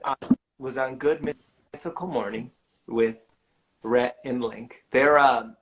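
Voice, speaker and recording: A man co-hosting a podcast, talking in a relaxed, chatty way. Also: mid-range voice, takes it slowly. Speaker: podcast co-host. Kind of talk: casual chat.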